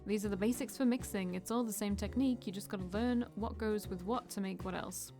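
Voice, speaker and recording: A woman's voice: mid-range voice, fairly quick, music in the background, close to an everyday voice. A woman voicing a friendly male bartender who patiently teaches a newcomer, with easygoing 1920s slang.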